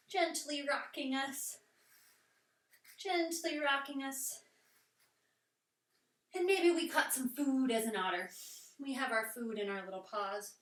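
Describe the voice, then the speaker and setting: A woman guides children through a gentle yoga session, her fairly high voice swooping playfully as she talks slowly and drifts into soft whispers. She sounds a little distant from the mic. The room around her is echoey. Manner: playful and sing-song, drops into soft whispers. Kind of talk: guided kids' yoga with animal play.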